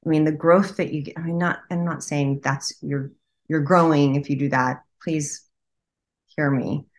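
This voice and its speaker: Low-voiced woman, earnest and halting. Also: steady tone. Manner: earnest, halting, repeats herself. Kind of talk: casual conversation.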